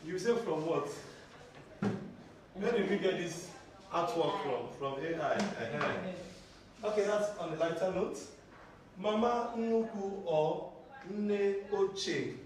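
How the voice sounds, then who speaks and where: Male language teacher, unhurried and patient, drills vocabulary with the class; distant, roomy recording with faint noise behind. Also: on the high side, animated. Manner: patient, drills words by repetition and questions. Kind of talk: children's language lesson. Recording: very echoey room, voice from far off.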